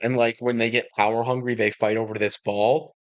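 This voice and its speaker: Spokojny młody mężczyzna komentujący film. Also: male voice, medium pitch, level tone, brisk, lo-fi sound. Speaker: podcast co-host. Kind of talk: casual movie discussion.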